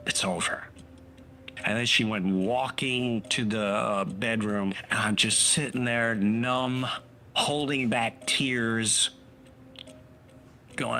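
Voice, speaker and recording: A man with a bright, forceful voice tells a heartfelt personal story, stumbling and restarting as he goes. He slips into the voices of the people he quotes. Faint music sits under him. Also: medium pitch. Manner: halting, full of restarts, acts out quotes.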